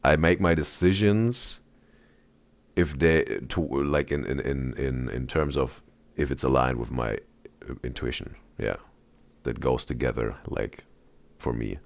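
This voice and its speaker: Low gravelly man reacting to a video. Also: measured pace, pauses often, no room sound. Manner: rambling, restarts a lot, trails off quietly. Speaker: reaction streamer. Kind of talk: casual reaction commentary.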